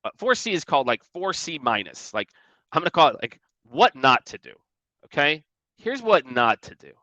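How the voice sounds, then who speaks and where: A man giving energetic sales coaching in a conversational way, often acting out emails and calls in mocking voices. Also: on the high side, normal speed, no room sound, muffled recording. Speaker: sales trainer.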